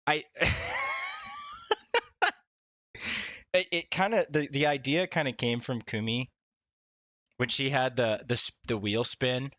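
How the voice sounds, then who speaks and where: A man livestreaming casually from his desk at home, laughing often, swearing and talking excitably to his chat. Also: mid-range voice, normal speed, no room sound. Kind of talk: casual live-stream chat. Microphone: desk mic, wearing wired headphones.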